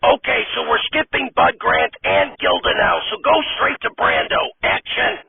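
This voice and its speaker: A man's voice: high voice, wildly swooping pitch, a little slow, gravelly, slight background noise, pitched above the performer's own voice, exaggerated voice. A man voicing a bossy, foul-mouthed male sketch director who talks in a pushy, whiny way. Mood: brisk. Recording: tinny distant phone-like sound.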